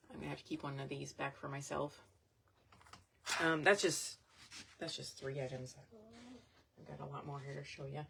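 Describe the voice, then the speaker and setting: A woman's voice: low-pitched, noisy background. A woman vendor chatting casually and rambling as she shows her items in a selling vlog. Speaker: vintage and jewelry vendor.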